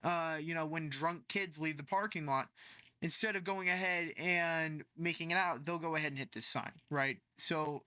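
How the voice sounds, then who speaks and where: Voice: medium pitch, normal speed, sharp tone, no room sound. A storytime narrator casually retelling a story in a rambling way with many fillers.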